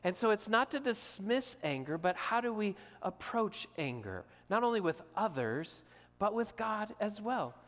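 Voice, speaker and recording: Pastor preaching a sermon, conversational and direct, mid-pitched, with long hall reverb. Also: sing-song, unhurried, a bit bright. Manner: conversational preaching, asks the listeners questions.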